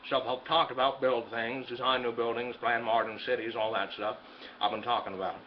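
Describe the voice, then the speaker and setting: A man voicing an earnest, stammering young man, lower than his usual voice. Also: flat delivery, a little fast, lo-fi sound, slight background noise, lightly acted.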